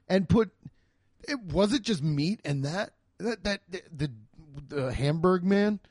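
A man with a slightly higher voice rambles through a comic podcast monologue, excitable and profane, full of restarts. The sound is dry and close. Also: unhurried, no echo. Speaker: comedian podcast host. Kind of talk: casual comedic monologue.

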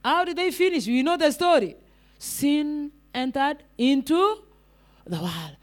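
A woman's voice: high voice, big pitch swings, unhurried. A woman evangelist preaching a sermon, repeating rhetorical questions and calling out to the congregation.

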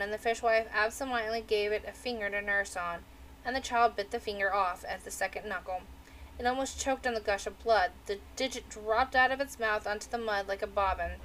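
A woman narrating a novel aloud in a steady, measured reading. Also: mid-range voice, slight background noise, low-quality recording. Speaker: audiobook reader. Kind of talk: storybook narration.

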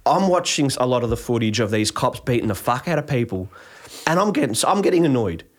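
A man's voice: medium pitch, very animated, quick pace. A man in casual podcast chat, ranting heatedly with frequent swearing and restarts. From Australia.

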